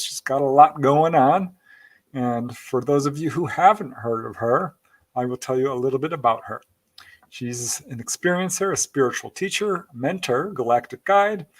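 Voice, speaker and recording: A male podcast host with a slightly raised pitch speaks with open enthusiasm. He heaps praise on his guest and keeps the chat light and upbeat. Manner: warm, effusive, upbeat. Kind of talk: enthusiastic show introduction and chat.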